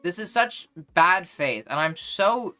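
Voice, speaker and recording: A woman's voice: lowish voice, expressive, slow, pushed and bright, faint music behind. A young woman streamer chatting casually while gaming, ranting bluntly with lots of fillers. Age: young adult. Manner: blunt, exasperated ranting with frequent "like".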